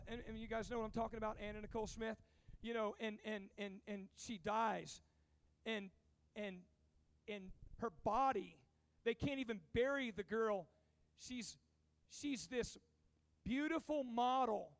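A man preaching an urgent sermon to teenagers at a youth camp, stumbling and repeating words as he pushes on. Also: very high voice. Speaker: pastor. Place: large hall at a youth camp. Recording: reverberant hall.

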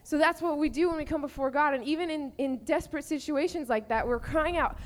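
A young woman with a fairly high voice talks to teenagers with earnest feeling, plainly and informally. Her words ring out through the long reverb of a large camp hall. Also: brisk, few pauses. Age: young adult. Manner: earnest, rising to impassioned cries when acting out prayer. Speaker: youth panel speaker. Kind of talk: informal teaching to teens.

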